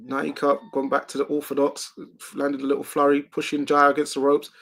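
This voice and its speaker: A man with a slightly higher-pitched voice calls a boxing bout live as a watch-along host. He talks in quick, excitable play-by-play and breaks off to read viewer comments. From United Kingdom.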